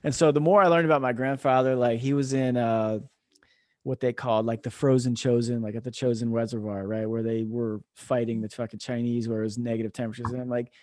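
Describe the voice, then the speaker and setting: A man's voice: medium pitch, steady tone, a little fast, a little mellow, dry recording, clean studio sound. An American man in his thirties, an army veteran hosting a casual podcast chat, telling stories animatedly and swearing freely. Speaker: podcast host; army veteran, former drill sergeant.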